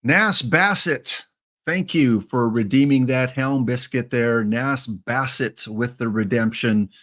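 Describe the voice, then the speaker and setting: A man livestreaming a game from home, talking in a relaxed, mid-range voice. He rambles, jokes and gives viewers shout-outs between picks. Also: mid-range voice, takes it slowly. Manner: chatty, jokey, thanks viewers by name. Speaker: streamer. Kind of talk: casual live-stream chat while playing.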